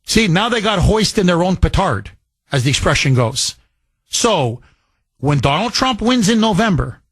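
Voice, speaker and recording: Guy hosting call-in radio, pretty high voice, dry close mic, keeps repeating himself for emphasis. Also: sing-song, moderate pace, fairly bright tone, slightly rough, dry recording. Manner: emphatic, repetitive, rambling asides. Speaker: radio talk show host. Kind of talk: call-in political talk radio.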